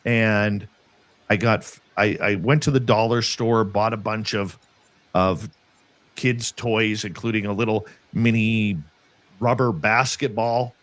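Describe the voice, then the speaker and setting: Animated man telling a field story. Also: lowish voice, slow. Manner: animated, acts out quoted voices. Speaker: guest telling an encounter story. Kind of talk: casual storytelling.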